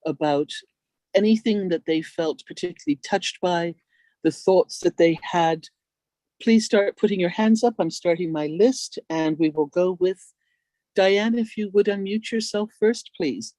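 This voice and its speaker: A woman's voice: on the low side, a little slow, mellow, dry recording. A woman hosting a video call, graciously calling on speakers one by one. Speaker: meeting host.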